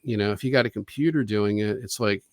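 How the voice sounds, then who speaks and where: A man's voice: lowish voice, fast, a little mellow, no room sound, studio quality. A man on a video call, telling a long story in a rambling, casual way, with restarts, swearing and acted-out quotes. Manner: rambling, profane, with frequent restarts and quoted dialogue. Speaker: interview guest.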